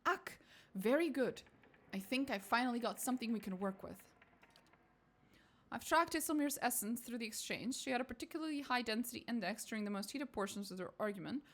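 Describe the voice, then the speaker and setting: A woman voicing a pompous, fussy female scholar of souls, speaking briskly and clinically in a self-important tone. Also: fairly high pitch, fairly bright tone.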